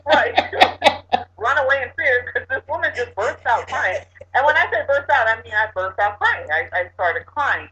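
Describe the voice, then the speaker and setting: Bright-voiced woman telling a story. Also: a little high, measured pace. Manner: storytelling, animated, with laughs. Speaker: co-host. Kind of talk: casual chat. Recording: dull lo-fi sound.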